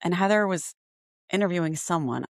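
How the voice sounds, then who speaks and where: A woman speaks in a somewhat low voice, venting with emphatic exasperation in a casual podcast chat. The recording is dry and close. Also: lively intonation, fairly quick, dry recording.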